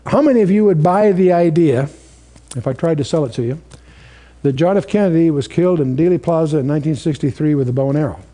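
A man's voice: a little high, quick pace, dark tone. A man preaching a sermon in a conversational, storytelling way, asking the audience questions.

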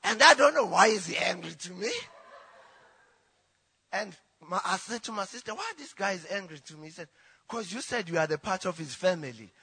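A South African man whose first language is Zulu, telling his personal testimony in church in halting English with restarts. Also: sits high, expressive, gravelly, bright, forceful tone, breathy edge. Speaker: church member giving testimony. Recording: reverberant church hall.

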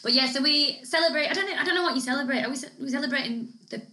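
A woman's voice: high voice, very fast, pushed and bright, roomy sound. A woman co-hosting a business podcast in casual, rambling, playful chat. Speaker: podcast co-host.

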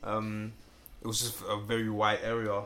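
A young man in casual chat, quick to react and chime in. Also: on the low side, monotone, pushed and bright. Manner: reactive, quick interjections and laughs.

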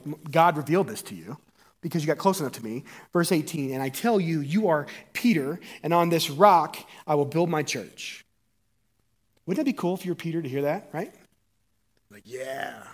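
A man preaching a sermon as pastor, animated and jokey, getting the congregation to repeat words after him. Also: fairly high pitch.

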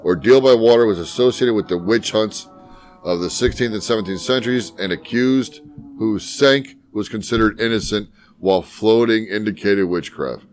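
A man's voice: on the low side, normal speed, a little mellow, faint music behind. A man co-hosting a casual chat, rambling and swearing, at times reading a history passage aloud and stumbling over old words.

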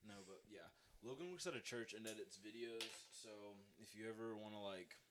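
Low-voiced goofy young man rambling. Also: a little fast, background noise. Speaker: podcast host. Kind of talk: casual chat.

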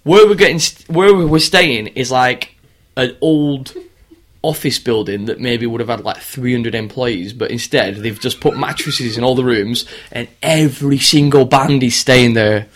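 A man's voice: medium pitch, moderate pace. A young man in casual chat, rambling through sweary tour stories and laughing as he goes. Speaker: touring band musician telling stories. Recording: crowd noise behind.

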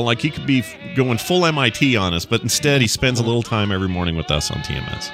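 A man hosting a podcast in casual chat, joking and rambling, now and then shouting for comic effect. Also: medium pitch, animated, quick pace, few pauses, soft background music. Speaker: podcast host. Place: studio, chewing jerky on air.

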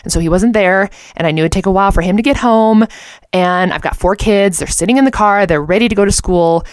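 Lively storytelling mother of four. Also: mid-range voice, fairly quick, clear, resonant tone, dry recording. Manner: animated storyteller, acts out quotes. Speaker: co-host. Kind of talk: casual faith talk show chat.

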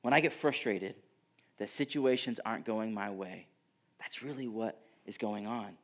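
A middle-aged male pastor preaching a sermon, swinging from loud emphatic lines to hushed, near-whispered ones. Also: fairly low pitch, moderate pace, vocal fry.

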